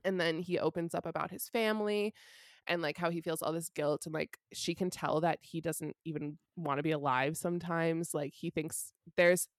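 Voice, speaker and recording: A woman's voice: sits low, moderate pace, no room sound. Chatty woman, dry close sound. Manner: chatty, heavy use of "like" fillers; animated storytelling. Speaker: podcast co-host. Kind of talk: casual podcast chat recapping a book.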